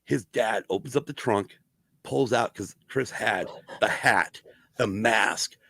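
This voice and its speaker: A middle-aged man hosting a podcast, telling stories in a casual, profane, animated way with a gravelly voice. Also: lowish voice, takes it slowly, no room sound. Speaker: podcast host. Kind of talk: casual storytelling chat.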